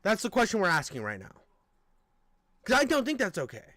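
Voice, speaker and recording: A young man with a high-pitched voice rants on stream, swearing freely and arguing straight at a critic. The sound is dry and close. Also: huge pitch swings, a little fast, fairly bright tone, dry recording. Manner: profane, argumentative, addressing a critic directly. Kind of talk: heated live-stream rant.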